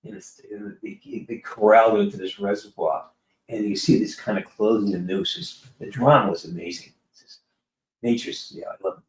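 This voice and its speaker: A man chatting casually with his live-stream audience, telling a rambling, animated story with many restarts. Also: on the low side, normal speed, a little hiss or hum. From California. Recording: roomy echo.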